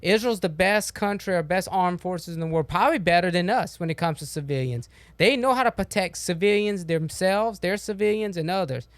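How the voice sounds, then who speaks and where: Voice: mid-range voice, brisk, few pauses, no room sound. A co-host in casual political talk who agrees a lot and grows impassioned when he makes his own points. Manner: agreeable, lots of back-channel, impassioned when he speaks up.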